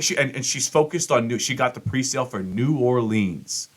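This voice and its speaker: A middle-aged man hosting a podcast, telling a rambling, profane story and acting out quotes with big jumps in pitch. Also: normal speed. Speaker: podcast host. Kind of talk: casual monologue.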